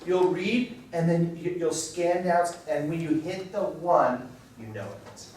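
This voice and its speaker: A man's voice: a little high, a little slow, a little mellow, slight background noise. A man in his forties leading a marriage workshop at a church, talking casually and checking in with his audience. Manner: conversational, self-deprecating, checks in with "okay?". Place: church hall. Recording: very echoey hall from far off.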